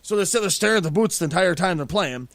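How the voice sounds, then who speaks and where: A man's voice: sits high, quick pace, vocal fry, dry recording. A middle-aged man hosting a podcast, telling a profane story in a casual way and acting out what people said. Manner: profane, animated, acts out quotes. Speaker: podcast host.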